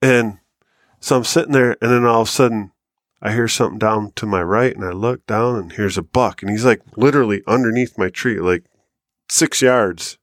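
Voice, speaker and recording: An American man telling a long hunting story in casual podcast chat, acting out quotes with bursts of excitement. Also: moderate pace, dry recording, clean studio sound. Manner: animated storyteller, rises high and loud when acting out quotes. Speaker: podcast co-host.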